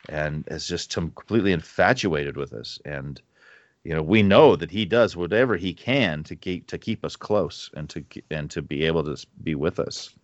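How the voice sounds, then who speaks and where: A man co-hosting a podcast, talking through a Bible passage in a reflective, halting way with many restarts. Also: low-pitched, dry recording, lo-fi sound. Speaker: co-host of a Bible study podcast. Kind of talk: casual Bible discussion.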